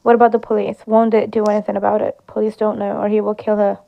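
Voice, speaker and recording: A woman reads out an interactive game's dialogue, giving every character her own voice. Her tone is gravelly and flat, with little melody. The recording sounds a bit dull and lo-fi. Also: mid-range voice, quick pace. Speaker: gameplay streamer. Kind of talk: reading game dialogue aloud.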